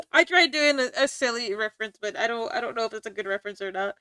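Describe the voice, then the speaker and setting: A woman's voice: on the high side, quick pace, pushed and bright, smooth, no room sound, clean studio sound. A young woman streaming from home, chatting casually with her chat, play-acting anger and laughing often. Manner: playful mock-angry banter with frequent laughs.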